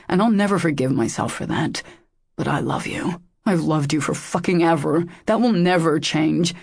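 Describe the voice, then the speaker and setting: A woman's voice: on the low side, vocal fry, a little mellow, slightly rough, no echo, clean studio sound. A woman voicing a remorseful, stubborn man who speaks emphatically in an audiobook. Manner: emphatic and determined. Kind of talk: audiobook character voice.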